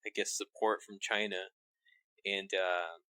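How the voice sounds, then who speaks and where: A man co-hosting a podcast, telling news in a halting, teasing way with many pauses. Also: deep voice, flat delivery, bright, forceful tone, smooth, dry recording. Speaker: podcast co-host. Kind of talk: casual chat.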